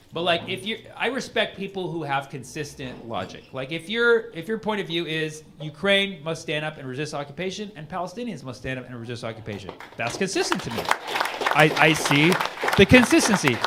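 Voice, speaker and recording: A man's voice: on the high side, fairly bright tone, slight background noise. A man doing a stand-up set in a comedy club, talking loosely with many restarts. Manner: rambling, conversational, frequent restarts.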